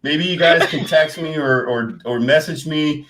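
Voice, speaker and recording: A man's voice: on the high side, measured pace, a crowd in the background. A man co-hosting a casual comics livestream over an online call, wry and self-deprecating. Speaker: livestream co-host. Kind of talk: casual chat.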